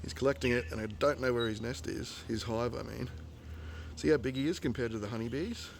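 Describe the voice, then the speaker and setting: A man with an Australian accent, chattily narrating a casual nature vlog outdoors for his nephews, getting excited and hushing near animals. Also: mid-range voice, brisk, gravelly, a little hiss or hum. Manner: chatty and enthusiastic, drops to a hush near animals. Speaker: uncle filming a nature video for his nephews. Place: outdoors in a rural yard with bush and birds.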